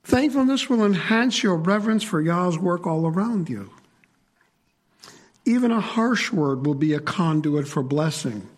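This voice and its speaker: A man's voice: sits high, sing-song, unhurried. A man preaching a sermon to a congregation in a conversational way, asking the listeners questions.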